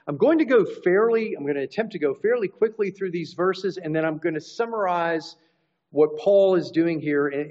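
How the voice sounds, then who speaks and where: A man preaching a teaching sermon, explaining scripture and restarting phrases as he goes. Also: a little high. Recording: dull lo-fi recording.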